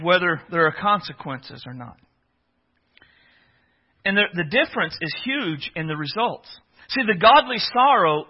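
A man's voice: very high-pitched, slightly rough. A man preaching a sermon in a conversational, earnest storytelling manner. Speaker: pastor. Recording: dull lo-fi audio.

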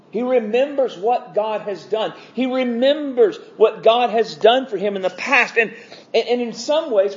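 A man preaching an evening sermon, earnest, stretching key words slowly. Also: sits high, darkish tone. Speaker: pastor. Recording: dull lo-fi sermon audio.

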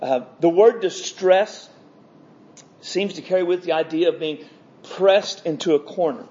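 A man preaching an evening sermon, earnest, stretching key words slowly. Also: sits high, dark tone. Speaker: pastor. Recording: dull lo-fi sermon audio.

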